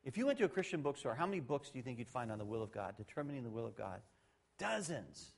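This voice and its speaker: A middle-aged male pastor giving a conversational sermon, shifting between loud sarcastic mock voices and low asides. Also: big pitch swings, fast talker, gravelly.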